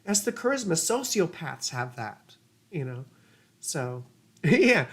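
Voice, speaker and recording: A woman's voice: deep voice, big pitch swings, takes it slowly. A woman astrologer giving casual livestream chart readings, rambling and chatty with laughing asides and casual swearing.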